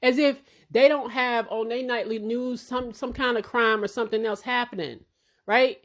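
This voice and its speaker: A woman hosting celebrity gossip commentary in a blunt, animated way, swearing freely. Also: fairly high pitch, moderate pace. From Chicago.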